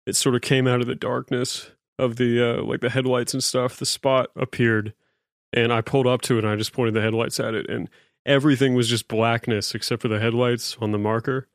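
Podcast co-host, man, halting storyteller, mid pitch, dry close sound. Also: flat delivery, no echo. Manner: hesitant, filler-heavy storytelling. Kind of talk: casual storytelling.

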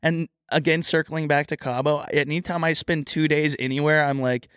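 A man's voice: fairly high pitch, fairly even intonation, normal speed, a bit bright, clean tone, no room sound, clean studio sound. A young man from Texas co-hosting a podcast in casual chat, trailing off mid-sentence and giving dramatic opinions. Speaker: podcast co-host.

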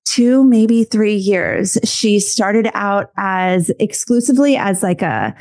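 Woman, podcast host, enthusiastic, mid-pitched voice, dry close recording. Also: expressive, takes it slowly, a little mellow, dry recording. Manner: enthusiastic, gushing. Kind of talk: casual podcast interview.

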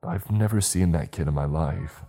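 A man's voice: low voice, normal speed, gravelly, soft background music. Moose, a man voicing a scared young guy whispering. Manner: hushed and urgent.

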